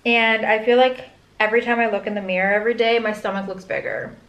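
A woman's voice: a little high, fairly even intonation, fast, lo-fi sound. Chatty young woman, echoey room. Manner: chatty, lots of "like", candid and rambling. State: pregnant. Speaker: vlogger. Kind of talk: casual pregnancy vlog.

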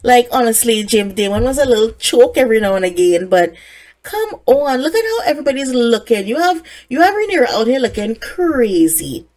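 Young woman, excitable gaming commentary, fairly high voice, very lively pitch, scolds characters. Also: a little fast. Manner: excitable, scolds game characters, frequent laughter. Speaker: gaming content creator. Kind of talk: casual let's-play commentary.

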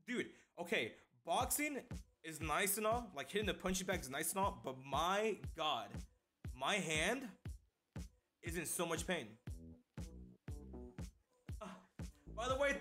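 Excitable young male streamer with a slight stutter. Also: sits high, normal speed, long pauses, faint music behind. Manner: excitable, loud outbursts and swearing; stutters and restarts. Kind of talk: casual live-stream chat, reading viewer messages.

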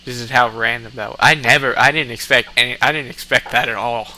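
A man's voice: medium pitch, steady tone, brisk, sharp tone. A man doing let's play commentary, reading game commands aloud and laughing often in amusement. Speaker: gamer.

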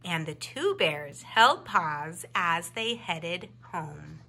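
A woman teacher reading a picture book aloud to young children from her home, in an animated sing-song way. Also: on the low side, very slow, creaky, slight background noise. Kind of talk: children's story read-aloud.

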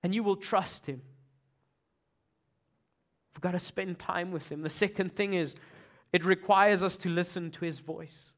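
A man with an Afrikaans South African accent preaching with a fairly high voice. He swings between loud, urgent exhortation and soft, almost whispered moments. It is an emotional sermon style. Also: fairly even intonation, a little slow, pauses often. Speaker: pastor.

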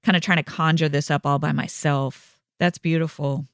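Woman host, reflective and affirming, smooth tone, dry close sound. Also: sits low, fairly even intonation, moderate pace, no echo. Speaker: podcast host. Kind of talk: conversational interview.

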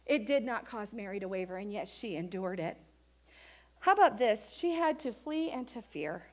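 A woman pastor preaching a sermon in a church, animated and acting out the voices of the people in her story. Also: mid-range voice, normal speed. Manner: animated, acts out quoted voices of Mary and others.

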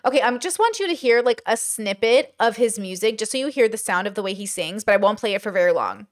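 A woman's voice: mid-range voice, expressive, fast. A woman hosting casual commentary, talking in a chatty way with many fillers and rhetorical questions. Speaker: commentary host.

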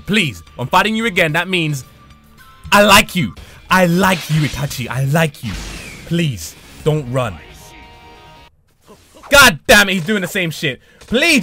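A young man commentating his own online match with excitable, profane trash talk. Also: high voice. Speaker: gaming channel host. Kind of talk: live gameplay commentary.

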